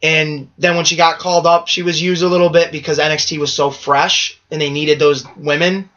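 A man co-hosting a podcast in casual wrestling chat, rambling and animated, swearing freely. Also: a little high, moderate pace, lo-fi sound. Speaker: podcast co-host.

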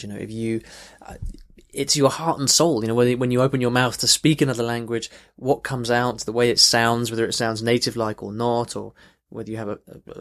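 Earnest podcast host man. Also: medium pitch. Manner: earnest, many restarts, emphatic rises. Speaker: podcast host and language coach. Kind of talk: podcast answering a listener question.

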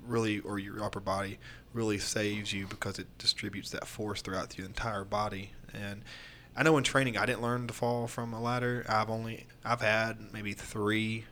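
Low-voiced man, rambling wrestling talk. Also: flat delivery, normal speed, bright, forceful tone, a little hiss or hum. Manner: rambling, candid storytelling with fillers and restarts. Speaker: pro wrestler guest. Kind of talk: casual podcast chat.

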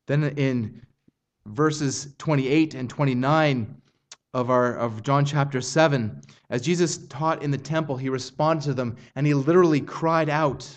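A man's voice: a little high, a little slow, highs cut off. A man preaching an expository sermon, earnest and building intensity on quoted passages. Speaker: pastor.

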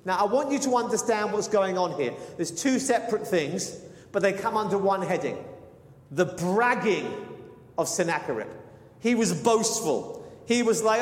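A man's voice: high voice, animated, normal speed. A man preaching an expository sermon, explaining verse by verse in an earnest, conversational way with frequent self-corrections. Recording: reverberant hall.

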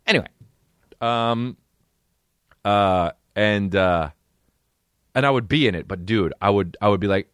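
A man hosting a comedy podcast, ranting excitably and swearing as he jumps between voices. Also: fairly low pitch, normal speed, long pauses, no room sound, clean studio sound. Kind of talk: profane comedic rant.

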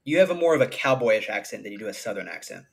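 A man co-hosting a podcast in casual chat, easygoing and quick to agree and joke. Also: lowish voice, big pitch swings, creaky. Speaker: podcast co-host.

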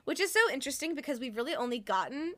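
A woman's voice: sits high, lively intonation, rapid-fire. A woman co-hosting a podcast in casual chat, talking in a chatty way with lots of laughter and fillers. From North America. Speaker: podcast co-host.

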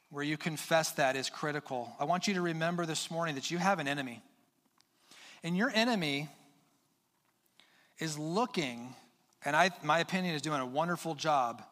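A pastor delivers an earnest, urging sermon in a slightly higher-than-usual man's voice. He leans on pauses and repeats words for weight, and his voice rings out with the long reverb of a church hall. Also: fairly bright tone.

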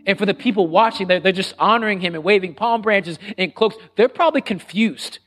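A middle-aged male pastor delivering a sermon in an earnest, conversational way. His voice sits a little high for a man, and he repeats phrases for emphasis, sometimes sinking to a near hush. Soft instrumental music plays underneath. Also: fairly quick. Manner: drops to a hushed voice on solemn lines.

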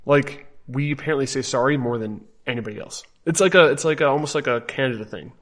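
A man's voice: mid-range voice, quick pace. A man from Wisconsin telling a story in casual podcast chat, acting out the people he quotes. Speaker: podcast co-host.

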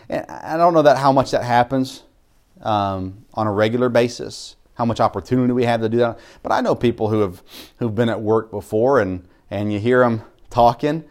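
Male pastor, lower voice, relaxed conversational sermon with digressions. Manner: conversational, self-interrupting, laughs at own asides.

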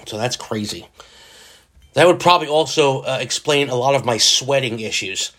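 A man's voice: medium pitch, moderate pace, a bit bright. A middle-aged man hosting his own podcast, rambling casually with jokey, self-deprecating asides while under the weather with a cold. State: sick with a cold. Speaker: podcast host. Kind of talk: casual solo podcast monologue.

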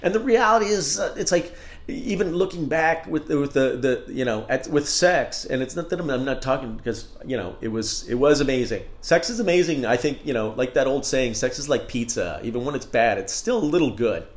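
A man's voice: medium pitch, lively intonation, a little fast. A man hosting a casual solo podcast, talking in a rambling, candid and profane way. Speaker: podcast host. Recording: roomy echo.

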